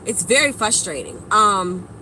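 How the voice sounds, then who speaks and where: A woman giving a blunt, profane motivational monologue to her viewers, preachy and emphatic, swinging between loud bursts and low mutters. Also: lively intonation, unhurried, a little hiss or hum, low-quality recording. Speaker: spiritual vlogger.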